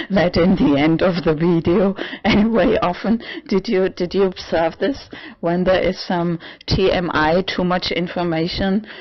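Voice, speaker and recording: Slow, rambling woman with halting speech. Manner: halting and digressive, with many fillers and restarts; slips into shrill high sarcastic outbursts. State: tipsy. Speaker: vlogger. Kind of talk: rambling personal monologue. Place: home apartment. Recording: dull lo-fi home recording.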